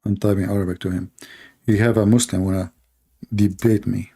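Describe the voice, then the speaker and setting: A man hosting a call-in livestream, talking casually, mocking and laughing at callers and repeating words in quick bursts. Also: on the low side, level tone, warm tone, slightly rough. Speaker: livestream host taking calls.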